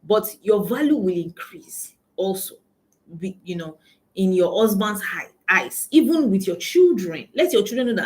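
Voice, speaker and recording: A Nigerian woman coaching her audience about money. She talks emphatically, repeating her main points and firing questions at her listeners. Her voice sits at an ordinary middle pitch for a woman. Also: expressive, normal speed, a little mellow. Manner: emphatic, repeats key lines, asks the audience; laughs often while telling anecdotes. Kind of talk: motivational talk to an audience.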